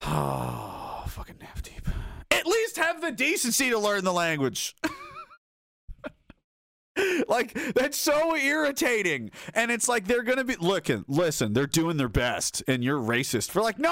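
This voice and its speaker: A man's voice: sits high, huge pitch swings, a little slow, fairly bright tone, no room sound, studio quality. A man hosting a live stream, reading out chat and rambling in a casual, profane way while laughing often.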